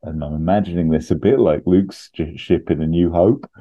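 A man co-hosting a podcast, casually pitching a film plot with lots of laughs and ums. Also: normal speed, narrow, tinny audio. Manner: chatty, laughs often, trails off with ums.

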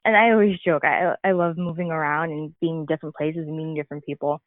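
Low-voiced woman on a tinny line. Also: steady tone, fast, no room sound. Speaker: guest. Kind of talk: candid podcast conversation.

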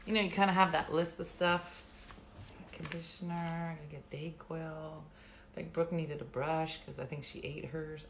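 Chatty woman with a lowish voice. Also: moderate pace, a little hiss or hum. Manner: rambling, chatty, laughs often. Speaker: livestream host. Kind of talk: casual live-stream chat.

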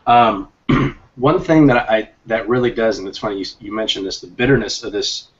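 A man co-hosting a casual tasting chat, laid-back and joking, often clearing his throat. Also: lowish voice, moderate pace, recorded from a distance. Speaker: co-host of a cigar pairing show. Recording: dull lo-fi audio.

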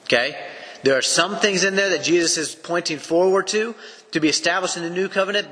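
A man's voice: on the high side, pushed and bright. A man with an East Texas accent giving an earnest, emphatic Bible teaching that explains things step by step. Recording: long echoing reverb.

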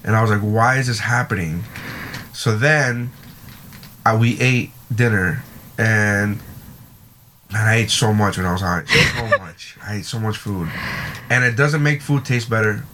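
A man's voice: lowish voice, measured pace, long pauses, background noise. A man chatting casually as a podcast co-host, telling a story with emphatic repetition and swearing. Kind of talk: casual chat.

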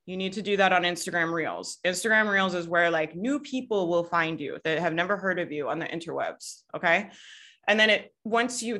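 A woman's voice: mid-range voice, fairly bright tone. A woman with a Southern US accent coaching a group over a video call, talking casually, swearing now and then and laughing often. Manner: casual, laughs often, swears, quotes people in put-on voices. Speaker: business coach.

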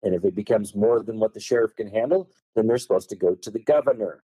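A man's voice: on the low side, fast, mellow, slightly rough, dry recording, rough recording. A man as a podcast guest, explaining legal texts and reading them aloud, stressing key words with marked tone changes. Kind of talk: explaining law in a podcast conversation.

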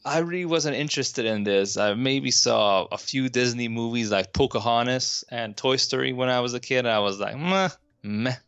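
A man in his thirties co-hosts a podcast, rambling opinionatedly about old films in a casual discussion and repeatedly correcting himself. His medium-pitched voice is a bit bright and smooth, moving at normal speed with few pauses, on a dry, dull recording.

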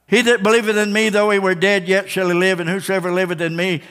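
A man voicing a calm, solemn biblical teacher who speaks in measured, old-fashioned scripture phrasing. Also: high voice, clean tone. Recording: long hall reverb.

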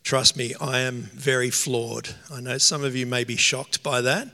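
A male preacher delivering a heartfelt sermon, voice bright and edged with gravelly fry. He talks earnestly and gets emotional, dwelling slowly on key words as his voice rings through a hall with long reverb. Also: mid-range voice, level tone. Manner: earnest, emotional, slow emphatic phrasing.

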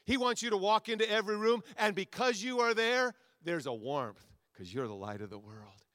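A man, a pastor, preaching a sermon to his congregation, with a repetitive, rousing cadence that swings between loud soaring lines and quiet asides. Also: high voice, expressive, moderate pace, dry recording, studio quality. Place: church sanctuary before a congregation.

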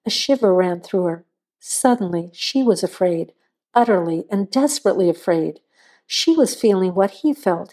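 A woman narrating a suspense story in a measured, suspenseful reading. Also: medium pitch, dark tone.

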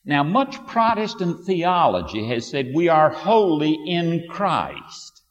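An older man delivering a sermon, unhurried and storytelling, then leaping up with emphasis. His pitch swings widely as he goes. The recording is muffled and lo-fi, with a long reverb trailing through a large hall. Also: big pitch swings. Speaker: preacher.

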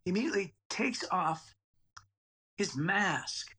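This podcast guest, a man in his late forties, recalls his childhood in a personal story, rambling and repeating words. His voice sits high and sounds animated yet slow-paced, bright, forceful and husky.

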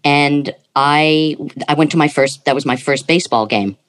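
Woman in her sixties, low voice, casual halting reminiscing. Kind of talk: casual chat.

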